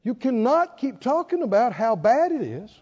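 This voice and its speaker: A man's voice: extremely high pitch, big pitch swings, moderate pace, warm tone. An older man preaching a sermon in an emphatic, folksy way with bits of humor, on a slightly dull lo-fi recording. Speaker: pastor.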